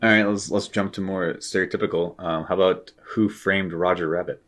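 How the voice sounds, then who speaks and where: A man co-hosting a casual podcast chat, relaxed and dryly teasing, stumbling into restarts. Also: deep voice, a little fast. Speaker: podcast co-host.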